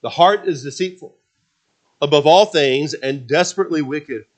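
Man, pastor preaching, slightly high voice, loud then hushed. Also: moderate pace. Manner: swings from loud preaching to quiet confiding. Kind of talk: sermon.

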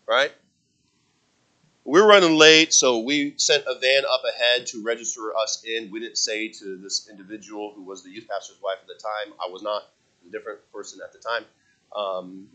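A man's voice: medium pitch, rough recording. A man preaching a sermon, quoting scripture and driving his points home with emphasis. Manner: emphatic preaching, rising and falling loudness, quotes scripture.

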